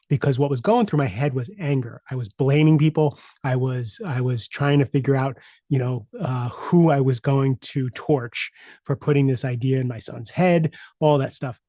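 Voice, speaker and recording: Mellow-voiced man telling a coaching story. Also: medium pitch, dry recording. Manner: halting, with many fillers and restarts. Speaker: podcast host and executive coach. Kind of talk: casual personal storytelling monologue.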